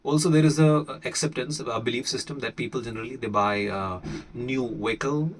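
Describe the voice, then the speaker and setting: A man from India with an Indian accent, an English teacher explaining casually, pausing often with fillers. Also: mid-range voice. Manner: explains with many pauses and fillers. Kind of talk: casual spoken lesson. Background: faint fireworks.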